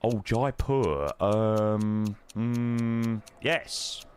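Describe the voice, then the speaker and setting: A man chatting casually to his live-stream viewers as he plays, thanking supporters and reacting loudly to his own guesses. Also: fairly low pitch, drawn-out words, clear, resonant tone. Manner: excitable, swings between muttering and loud outbursts. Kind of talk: casual live-stream chat while playing.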